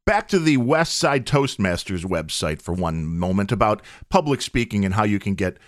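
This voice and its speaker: A man's voice: on the low side, very animated, moderate pace, dry recording, clean studio sound. A man hosting his own podcast, arguing his opinions emphatically with rhetorical questions. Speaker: podcast host. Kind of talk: opinionated solo podcast monologue.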